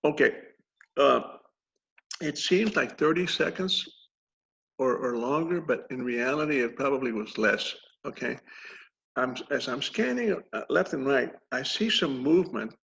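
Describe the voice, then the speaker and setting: A man with a deeply gravelly, creaky voice tells his own story, stumbling and repeating words and chuckling now and then. He sits at a middle pitch. The recording sounds dull and lo-fi. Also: expressive, a bit bright. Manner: halting, repeats words, chuckles through grim details. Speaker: interviewee recounting a combat injury. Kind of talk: personal storytelling.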